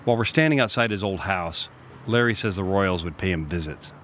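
A man hosting and narrating a true-crime report, telling the story in a measured, matter-of-fact way and putting questions to an interviewee. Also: sits low, a bit bright, slight background noise. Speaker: podcast host and reporter.

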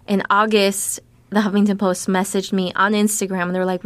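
A woman in her thirties, originally from Nicaragua, telling personal stories as an interview guest in a casual way, full of fillers and quick laughs. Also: medium pitch, flat delivery, dry recording. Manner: casual, frequent fillers, laughs between thoughts. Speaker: guest writer.

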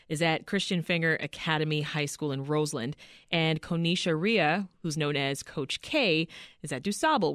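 A woman hosting a radio interview, her voice sitting low in pitch. She frames her questions in a measured, attentive way, recorded dry and close. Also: no echo. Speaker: radio host.

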